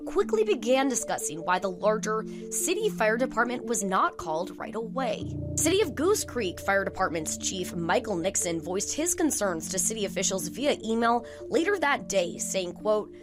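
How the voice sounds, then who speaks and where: Woman reporter in measured news narration. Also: medium pitch, sing-song, music in the background. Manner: measured, formal delivery. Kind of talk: scripted news narration and interview questions.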